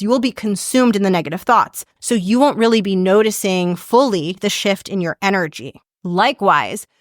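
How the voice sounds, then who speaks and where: A woman's voice: medium pitch, no echo, studio quality. A woman podcast host teaching voice skills in a casual, upbeat, teacherly way, with frequent "like" fillers. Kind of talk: instructional podcast talk.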